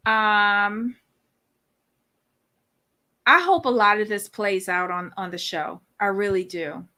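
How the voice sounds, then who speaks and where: Woman doing a reality show recap, sassy and blunt, bright tone. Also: mid-range voice, takes it slowly. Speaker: podcast co-host.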